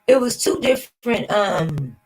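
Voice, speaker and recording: A woman's voice: medium pitch, expressive, measured pace, darkish tone, breathy edge, poor audio. A woman hosting a reaction stream, talking casually and skeptically straight to her viewers. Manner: chatty, talks to viewers directly, skeptical. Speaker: reaction channel host. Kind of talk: casual commentary.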